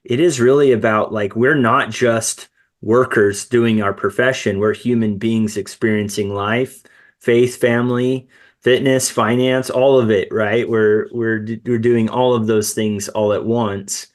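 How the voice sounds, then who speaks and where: A man's voice: on the low side, steady tone, unhurried. A man talking in a podcast conversation, telling stories in an earnest, reflective way.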